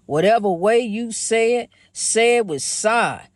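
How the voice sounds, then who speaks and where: A woman's voice: medium pitch, measured pace, a little mellow, no echo, clean studio sound. A woman hosting her own program in a casual, rambling spiritual monologue, folksy and preachy, calling her listeners honey. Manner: preachy, praising God. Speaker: host of a motivational program.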